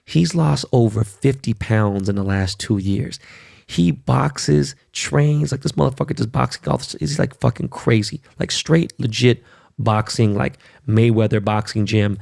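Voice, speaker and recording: A man's voice: medium pitch, measured pace, gravelly, darkish tone, no room sound, studio quality. A middle-aged man hosting a podcast, ranting in a casual, profane and emphatic way. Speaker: podcast host. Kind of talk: casual monologue.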